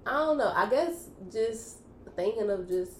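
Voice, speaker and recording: A woman's voice: on the high side, animated, measured pace. A young woman co-hosting a podcast, chatting casually and thinking aloud with many fillers. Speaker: podcast co-host. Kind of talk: casual chat. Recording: echoey room with clear background noise.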